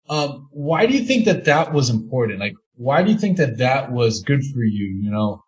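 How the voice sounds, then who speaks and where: A man hosting a podcast who talks in a slightly higher register than most men. His questions ramble loosely, full of slang and restarts, in a casual, easygoing way. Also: lively intonation, fairly quick, highs cut off. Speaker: podcast host.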